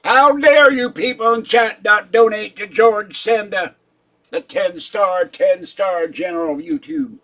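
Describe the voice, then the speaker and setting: A man voicing a blustering self-proclaimed ten-star general of the Lord, pompous and denouncing in slow, booming proclamations. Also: fairly bright tone. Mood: scolding. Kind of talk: livestream character bit.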